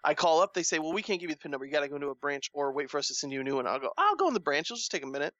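A man talking in a casual chat, his voice sitting a bit high for a man. He tells his story with plenty of animation and puts on the voices of the people he quotes. The sound is dry and a little dull, as if from a modest lo-fi mic. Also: very fast, dry recording. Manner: animated storytelling, acts out quoted lines with rising pitch.

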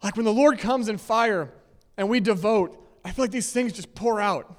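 A high-pitched pastor speaks at a moderate pace, his conversational sermon followed by a long reverb tail in the church sanctuary. Between points he laughs lightly, and he checks in with listeners again and again with "okay?" and "right?"

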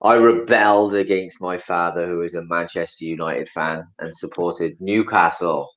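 A man's voice: low voice, steady tone, moderate pace, fairly bright tone, poor audio. A man in his thirties, from Wales, chatting casually as a guest, rambling and correcting himself with small chuckles. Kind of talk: casual chat.

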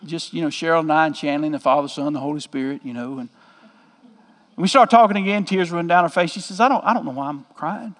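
Guy preaching, high voice, folksy jokey storyteller, big hall reverb. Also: fast talker. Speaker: pastor. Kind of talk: storytelling sermon.

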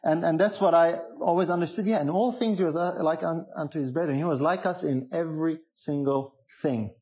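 A man's voice: a little high, a little fast, a little mellow. A man preaching a sermon, emphatic, often asking the congregation questions.

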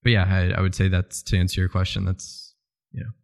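A man with an American accent, a podcast guest, talking in a hesitant casual way with many pauses. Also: low-pitched, level tone, gravelly. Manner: hesitant, many "um" and "uh", laughs easily. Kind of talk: casual interview chat.

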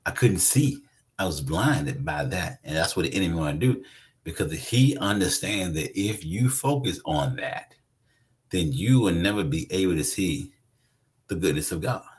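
A man's voice: sits low, expressive, moderate pace. A man preaching a conversational sermon, emphatic and repeating his phrases for weight.

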